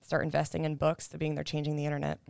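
Female podcast guest, low and gravelly but smooth, dry close sound, blunt and freewheeling. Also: completely flat delivery, rapid-fire, darkish tone, no echo. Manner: rambling, blunt, swears freely. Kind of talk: casual podcast chat. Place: podcast studio.

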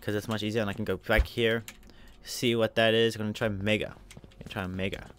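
A man rattles through live game commentary in a fairly low voice, narrating each step and spelling words letter by letter. A faint hiss and the odd click sit behind him. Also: little pitch movement, fairly quick. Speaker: let's play gamer.

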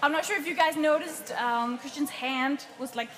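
A woman coaching a group on presenting, chatty and lively, often laughing between points. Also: high voice, normal speed. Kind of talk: workshop teaching.

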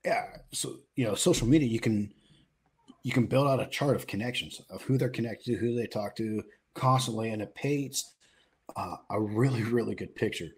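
Co-hosting a podcast, this middle-aged man from the US West Coast speaks in a mid-range, darkish voice with a breathy edge. He keeps things casual and conversational, restarting often and leaning on fillers.

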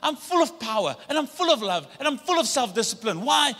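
A man's voice: very high-pitched, big pitch swings, a little fast, bright, forceful tone. A man preaching a sermon as pastor, rousing his congregation to join in spoken declarations. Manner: rousing, leads congregation in call-and-response declarations. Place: church sanctuary. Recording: church hall with long reverb.

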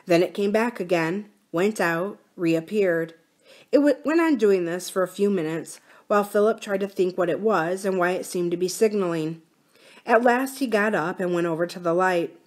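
A woman from a library reading a children's adventure book aloud in a clear, even storytelling voice. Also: on the low side.

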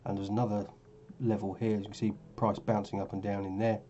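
A tired man with a very dark, mellow voice rambles through his trading charts, often stopping to correct himself. His low voice comes through a dull, lo-fi mic with a faint hiss behind it. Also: little pitch movement, fast. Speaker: forex trading vlogger. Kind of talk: casual screen-share commentary.

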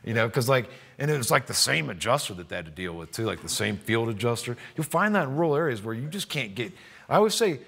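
A man's voice: medium pitch, quick pace, vocal fry. A man who is a roofing contractor and trainer, telling a story casually to camera and acting out the people in it. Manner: animated, acts out quoted voices.

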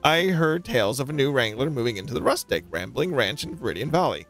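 A flamboyant male showman who boasts of his troupe and his travels, read aloud by a man playing a video game. The delivery is grand and theatrical, at a middling pitch, with faint music underneath. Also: sing-song, fast talker, fairly bright tone. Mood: grandiose. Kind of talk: reading game dialogue aloud.

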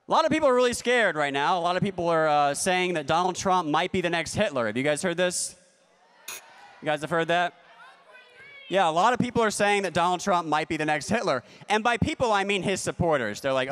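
A man doing a stand-up comedy set, with a deadpan, ironic delivery and playful asides to the crowd. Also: fairly high pitch, a little fast, smooth. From United States. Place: large convention hall stage. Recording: long hall reverb.

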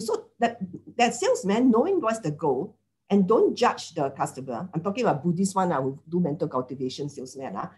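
A middle-aged Singaporean woman speaking as a lay Buddhist teacher, in a fairly low voice. Her delivery is chatty and practical, with frequent "okay?" and "right?" tags. She also guides a calm merit-sharing recitation. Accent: Singaporean English. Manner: conversational, frequent "okay" and "right" check-ins.

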